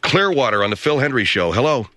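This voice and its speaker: A man's voice: medium pitch, sing-song, fast, pushed and bright, dry recording. A man hosting a talk radio show, taking calls and firmly cutting callers off.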